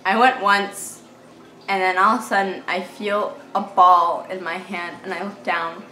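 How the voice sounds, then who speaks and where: A fifteen-year-old girl vlogger tells a storytime in her bedroom, animated and dramatic, packing her speech with "like." Her mid-range voice is unhurried, recorded on a camera mic in an echoey room with faint hiss.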